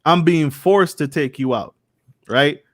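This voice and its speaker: A man talking on a discussion panel, animated and often acting out other people's voices. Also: fairly high pitch, takes it slowly, dry recording, studio quality. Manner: animated, acts out quoted voices.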